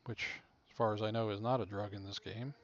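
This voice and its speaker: A man's voice: lowish voice, steady tone, fairly quick, highs cut off. A man talking casually to himself while playing a video game, laid-back and muttering. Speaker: game streamer. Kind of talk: casual gameplay commentary.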